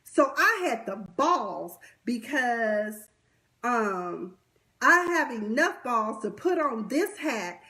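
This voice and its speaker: A woman's voice: fairly high pitch, sing-song, slow, sharp tone. Sassy, exasperated woman commenting. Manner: blunt, sassy and exasperated, with slang and asides. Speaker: commentary vlogger. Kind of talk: unscripted commentary recap. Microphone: webcam or phone mic from a livestream.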